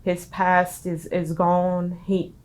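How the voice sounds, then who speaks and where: A young woman being interviewed shares an emotional personal account through tears, her Southern US accent clear. She's soft-spoken and hesitant, often pausing and beginning again. The low, nearly monotone pitch makes her delivery subdued and flat.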